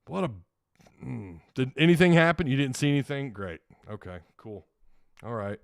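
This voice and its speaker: A man's voice: mid-range voice, sing-song, normal speed, creaky, smooth, no room sound. A man hosting a casual sports livestream from his home studio, rambling and getting flustered over tech trouble. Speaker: sports podcast host.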